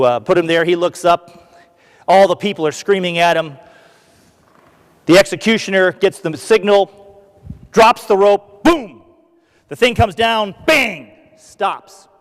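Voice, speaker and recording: An American man giving a conference talk as a keynote speaker, an animated storyteller who acts out what the crowd shouts. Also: on the high side, in a large hall. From United States. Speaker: keynote speaker, retired army colonel. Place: large conference hall.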